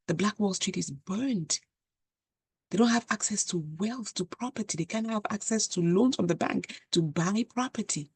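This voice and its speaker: African-accented woman host, low husky gravelly voice, dry close sound, earnest direct-address commentary. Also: moderate pace, darkish tone. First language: an African language. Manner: earnest, addresses the viewer as "you".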